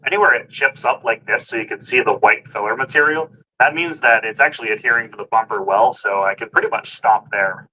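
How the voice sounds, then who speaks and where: A man's voice: mid-range voice, brisk, pushed and bright, a little hiss or hum, rough recording. A man walking viewers through a do-it-yourself car job in casual, step-by-step how-to narration. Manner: step-by-step explaining, plain and upbeat. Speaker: DIY car vlogger.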